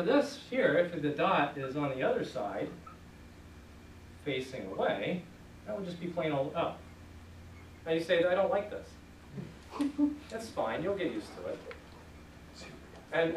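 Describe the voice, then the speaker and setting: A man's voice: fairly high pitch, very animated, normal speed, long pauses, a little hiss or hum. A man teaching Greek to a class, explaining patiently step by step in a casual lecture. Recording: echoey classroom from a distant camera.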